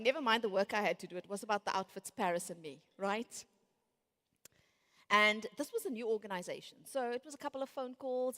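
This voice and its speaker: A woman in her late thirties gives a motivational keynote as a conference speaker, her pitch on the higher side. She tells stories animatedly, acting out her inner voices, and the large conference hall adds plenty of reverberation.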